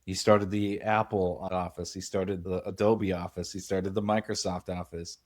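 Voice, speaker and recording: A man with a very deep voice co-hosts a casual business podcast. He muses out loud and tells stories, stopping now and then to correct himself before carrying on. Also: level tone, moderate pace. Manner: musing, storytelling, self-correcting. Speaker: podcast co-host.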